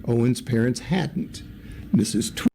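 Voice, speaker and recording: A man reading a children's picture book aloud in a lively way, giving the characters little voices. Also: medium pitch, a little slow, gravelly, a little hiss or hum. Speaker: story reader.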